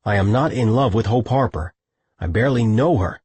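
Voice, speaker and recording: A man's voice: lowish voice, expressive, brisk, darkish tone, slightly rough, dry recording. A man voicing a proud, wounded male lieutenant in an audiobook, curt and commanding. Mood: defensive. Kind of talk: audiobook character voice.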